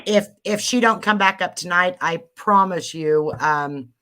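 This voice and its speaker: A woman's voice: fairly low pitch, measured pace, fairly bright tone. A woman hosting a casual livestream chat, exclaiming and trailing off. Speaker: livestream host.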